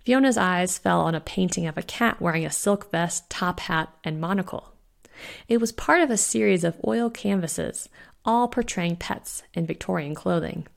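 A woman, the author, reading her own spooky short story aloud with steady narration. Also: lowish voice, normal speed, creaky. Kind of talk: scripted narration.

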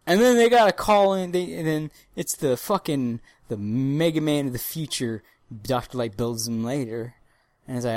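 A woman co-hosting a podcast, telling stories with excitable, profane energy and acting out scenes in little voices. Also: sits low, normal speed, dry recording. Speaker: podcast co-host. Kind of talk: casual chat, animated storytelling.

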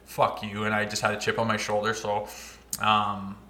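A man's voice: lowish voice, monotone, normal speed, sharp tone, roomy sound, slight background noise. A man, a podcast guest, telling stories in loose, profane casual chat. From Canada (Olds, Alberta). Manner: loose and profane, swears constantly. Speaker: podcast guest, former hockey player.

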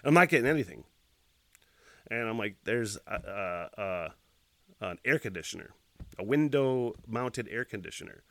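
A man hosting a solo podcast, telling a rambling story with lots of swearing, laughing as he talks and shouting sound effects. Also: on the low side, animated, moderate pace, long pauses, no echo. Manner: laughs while talking. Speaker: podcast host.

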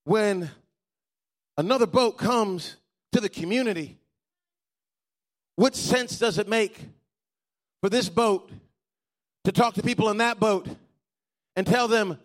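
High-voiced animated preaching man. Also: takes it slowly, long pauses. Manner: animated preaching, swinging from quiet asides to fired-up peaks. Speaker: pastor. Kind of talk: sermon.

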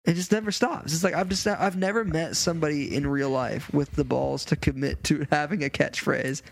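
A man's voice: fairly high pitch, fairly even intonation, a little fast, creaky, no room sound. A young man co-hosting a casual podcast chat from a late-night road trip, telling rambling stories and laughing often. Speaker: podcast co-host.

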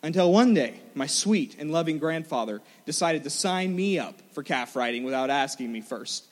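Young male preacher, animated and self-mocking storyteller, fairly high voice, echoing hall. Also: moderate pace. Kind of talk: storytelling sermon. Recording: large hall with long reverb.

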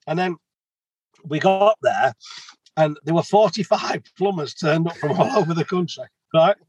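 A man's voice: on the high side, moderate pace, dull audio, noisy background. A man, a plumber telling rambling stories with laughs as an interview guest. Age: 50s. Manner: chatty, rambling anecdotes with laughs. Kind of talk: casual storytelling.

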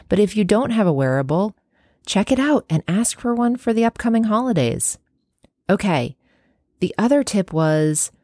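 A woman's voice: mid-range voice, mellow, no room sound, studio quality. A woman who works in health care, chatting casually as she explains breathing tips to viewers.

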